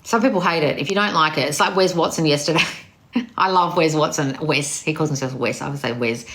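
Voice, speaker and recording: A woman's voice: sits low, fairly quick, fairly bright tone. A woman talking as a manifestation coach, blunt, scolding and heavy on swearing. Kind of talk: confrontational coaching monologue.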